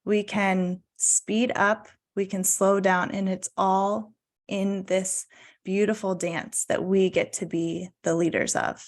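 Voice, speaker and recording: A woman in her thirties leading a guided mindfulness talk on a video call, gentle and encouraging, stretching out key words. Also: mid-range voice, flat delivery, slow pace. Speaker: wellness coach.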